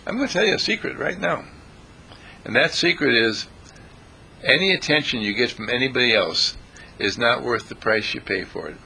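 A man giving a lively talk to a live audience as a counselor, asking the audience questions and acting out quotes. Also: mid-range voice, moderate pace, creaky, a little hiss or hum. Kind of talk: motivational lecture to a live audience.

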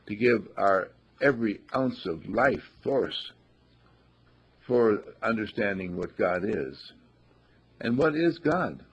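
Gravelly, husky man telling spiritual parables. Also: medium pitch. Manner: soft-spoken storyteller, voices characters in quotes. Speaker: spiritual teacher. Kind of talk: reflective spiritual talk with told stories. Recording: dull lo-fi recording.

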